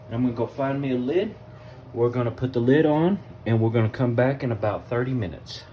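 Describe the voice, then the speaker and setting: A man's voice: medium pitch, fairly quick, warm tone, slight background noise. A man with a Southern US accent hosting a casual cooking vlog from his home kitchen, chatting folksily to viewers and calling them y'all. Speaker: cooking video host.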